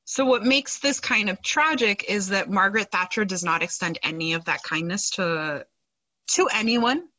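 Bright-voiced woman, chatty and sarcastic. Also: mid-range voice, expressive, normal speed, dry recording, low-quality recording. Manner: chatty, filler-heavy, sarcastic asides. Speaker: podcast co-host. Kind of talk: casual chat recapping a TV episode.

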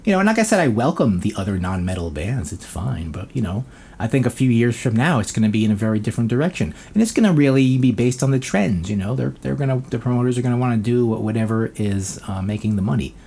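A man's voice: mid-range voice, animated, fast, vocal fry, warm tone, husky. A man co-hosting a casual podcast, jokey and self-mocking, rambling with lots of fillers. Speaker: podcast co-host.

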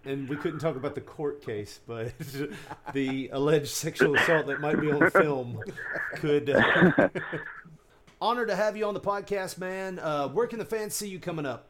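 A man's voice: fairly high pitch, measured pace, a bit bright. A man hosting a podcast in casual chat, joking and cutting in with questions. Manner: joking, interjecting. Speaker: podcast host.

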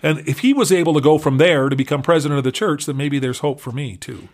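A man's voice: a little high, quick pace. A middle-aged man talking casually as an interview guest, chatty and self-deprecating, often laughing while telling stories. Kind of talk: casual conversational storytelling.

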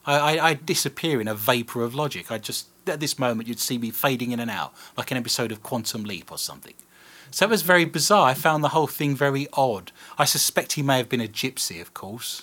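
A British man hosting a casual radio chat, telling stories with self-mocking humour. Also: medium pitch. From Britain. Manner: animated, self-mocking storyteller. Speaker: podcast host.

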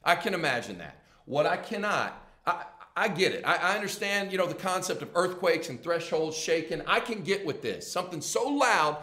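A man preaching a sermon, swinging from hushed, intense passages to loud, emphatic ones, with casual conversational asides. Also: sits high, sing-song, normal speed, hardly any pauses, reverberant. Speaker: pastor.

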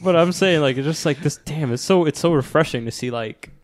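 A man's voice: fairly high pitch, fairly quick, no echo, studio quality. A man co-hosting a movie podcast in casual chat, rambling with lots of filler words and swearing. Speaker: movie review podcast co-host.

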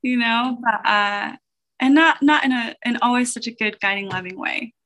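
Reflective woman guest, slightly high voice. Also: dry recording. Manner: halting and reflective, many fillers and restarts, warm affirmations. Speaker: interview guest and business owner. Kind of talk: casual interview conversation.

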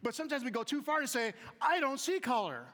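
A man giving a humorous storytelling talk to an audience, acting out the voices of people in his stories and swinging between quiet asides and loud emphasis. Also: extremely high pitch, fast talker. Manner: animated, acts out quoted voices, shifts between soft asides and loud emphasis. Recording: long hall reverb.

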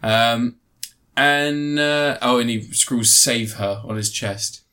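A man casually recapping and reviewing a film, rambling with fillers, sarcastic asides and quick mock voices. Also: mid-range voice, sharp tone, clear, resonant tone.

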